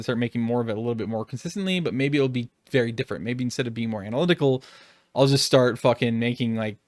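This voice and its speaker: A man's voice: medium pitch, no echo. Rambling, cursing man in a dry room. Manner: rambling, profane, exasperated. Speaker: YouTube creator. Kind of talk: unscripted reflective monologue.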